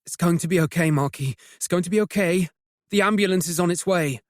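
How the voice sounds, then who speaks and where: A man voicing a frightened young woman who shouts for help in an emergency. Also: high-pitched, brisk, no room sound, studio quality, voice pushed up, lightly acted. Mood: soothing. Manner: panicked, shouting over wind.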